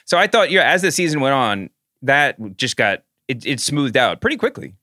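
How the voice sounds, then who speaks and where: A man's voice: mid-range voice, very animated, normal speed, sharp tone, no echo, clean studio sound. A man from the American South co-hosting a podcast, chatting casually in rambling bursts with frequent restarts. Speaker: podcast co-host. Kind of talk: casual chat.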